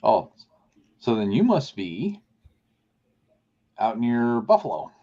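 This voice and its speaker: A man's voice: medium pitch, big pitch swings, slow, dark tone. Wry man on a muffled remote line. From upstate New York. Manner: wry, self-mocking humor. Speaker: guest. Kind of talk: casual chat.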